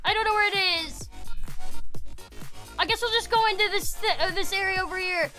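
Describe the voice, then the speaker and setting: A woman streaming a game, chatting casually with her viewers, excitable, repeating herself and swearing. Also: very high-pitched, moderate pace, faint music behind. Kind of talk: casual gameplay commentary.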